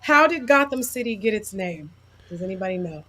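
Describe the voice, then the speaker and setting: Breathy woman in loose, profane podcast chat. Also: medium pitch, fairly quick. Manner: laughing, profane, animated banter. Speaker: podcast co-host. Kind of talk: casual chat.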